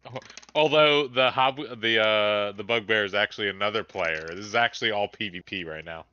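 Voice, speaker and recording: A man's voice: fairly low pitch, moderate pace, bright, forceful tone, smooth. A young man joking and laughing as a player in an online tabletop game. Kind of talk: casual chat at a game table. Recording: muffled lo-fi voice call.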